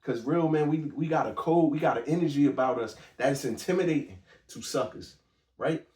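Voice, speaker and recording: A man's voice: fairly high pitch, a little fast, dark tone, recorded from a distance. Blunt man talking in an echoey room. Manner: blunt, emphatic street talk with frequent restarts. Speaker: podcast host. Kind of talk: casual commentary monologue.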